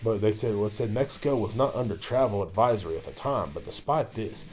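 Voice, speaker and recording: A man's voice: on the low side, darkish tone. A man hosting his own podcast, ranting loosely with constant swearing while he drinks a beer. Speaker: podcast host. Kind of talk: profane solo podcast rant.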